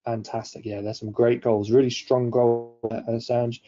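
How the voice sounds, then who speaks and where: A man's voice: medium pitch, level tone, unhurried, dark tone, highs cut off. Upbeat man hosting a live stream. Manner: upbeat, chatty, reads viewer comments aloud. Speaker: webinar host. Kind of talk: live-streamed coaching session.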